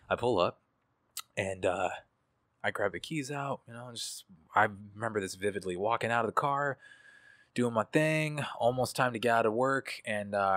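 A man's voice: low voice, bright, forceful tone, no echo, clean studio sound. A young man telling a story as an interview guest, casual and profane, with many fillers. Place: indoor room.

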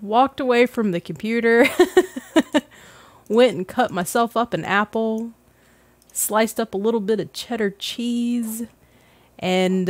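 A woman's voice: mid-range voice, no echo. A woman hosting a gaming let's play, chatting casually and self-deprecatingly as she plays, laughing often. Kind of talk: casual gameplay commentary.

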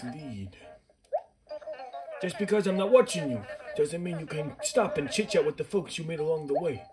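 Brief: a man doing a rude, mock-grand shopkeeper boss over video game music. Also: a little high. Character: bossy greedy raccoon shopkeeper boss, male.

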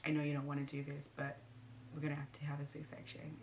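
Young mum vlogging, low pitched, tense bright tone, says like a lot. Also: female voice, a little fast. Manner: chatty, many fillers, acts out quotes. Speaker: vlogger, new mother. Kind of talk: casual storytelling to camera.

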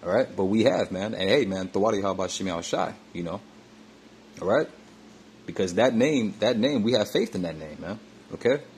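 A deep-voiced man preaching and reading scripture aloud, stopping constantly to check in with "all right?", "okay?" and "you see?" between phrases. He stumbles through fillers and restarts as he goes. Faint room noise sits behind him. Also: expressive, darkish tone. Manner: halting with many fillers and restarts. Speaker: religious teacher. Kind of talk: scripture teaching monologue.

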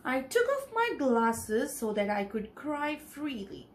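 A fretful, exasperated male mouse newspaper editor from a children's storybook, forever at the end of his rope, read aloud by a woman. The voice is fairly high, and the pitch swings widely. The lines come out slowly. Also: big pitch swings, reverberant, a little hiss or hum, exaggerated voice. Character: fussy, easily flustered male mouse editor.

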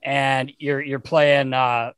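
A man co-hosting a podcast, a former player himself, asking eager, halting questions in casual chat. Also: mid-range voice, level tone, fairly bright tone, clean tone, dry recording, poor audio. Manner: enthusiastic, halting questions with restarts. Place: podcast studio.

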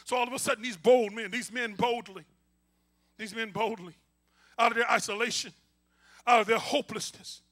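A male pastor preaching a call-and-response sermon, swinging from quiet asides to shouting and talking to the congregation informally. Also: very high-pitched, fairly even intonation, moderate pace, pauses often. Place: church.

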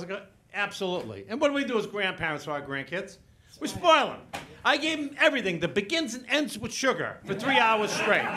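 An older man performing a stand-up comedy set, telling stories and acting out each person's lines in quick back-and-forth. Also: high-pitched. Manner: animated storytelling, acts out family members in quick back-and-forth. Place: comedy stage.

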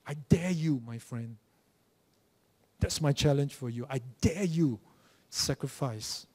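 Preaching in church with a Malaysian English accent, this pastor tells stories and mimics mocking voices, then issues a direct challenge. He speaks slowly in a mid-range voice with a darkish tone.

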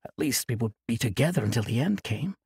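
A male narrator gives voice to a young monk weighed down by guilt, his speech earnest and pained. The voice is raspy with a gravelly edge, it rises and falls a lot, and it sits in a dry, close recording. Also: mid-range voice, expressive, fairly quick, a little mellow, dry recording, exaggerated voice. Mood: remorseful. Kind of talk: audiobook character voice.

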